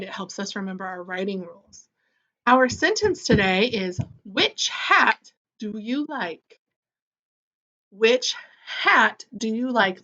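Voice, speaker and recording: A woman teaching an early-grade writing lesson, spelling words sound by sound and gently asking and answering her own questions. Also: a little high, muffled recording. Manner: slow, sound-by-sound spelling for young children; gently encouraging, asks questions and answers them.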